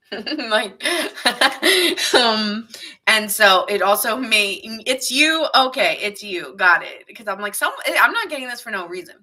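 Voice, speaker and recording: A woman's voice: mid-range voice, sharp tone. A woman giving a casual live tarot reading, chatty and laughing often as she acts out what people think. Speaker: tarot reader.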